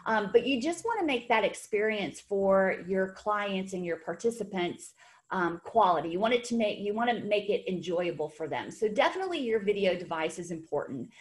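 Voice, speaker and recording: A woman's voice: medium pitch, lively intonation, moderate pace. A woman hosting a webinar for fitness trainers, with an upbeat, encouraging, conversational manner. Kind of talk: webinar presentation.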